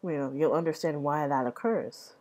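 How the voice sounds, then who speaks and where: A young woman with a low, slightly mellow voice speaks at a moderate pace in a laid-back language vlog. She wanders in her explanations, repeats words, and sprinkles in plenty of "right?" checks.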